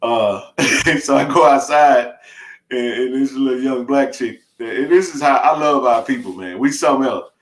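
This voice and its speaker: A middle-aged man, telling a rambling, animated story on a live stream, full of restarts and laughs. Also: mid-range voice, moderate pace. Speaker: live-stream sports chat host. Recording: roomy echo.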